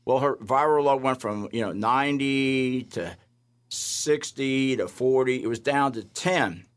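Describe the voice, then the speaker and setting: A man, a chaplain, telling faith-healing testimonies in an animated way, acting out the voices of the people in his stories. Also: mid-range voice, measured pace, clear, resonant tone. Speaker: chaplain, guest. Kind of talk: storytelling testimony.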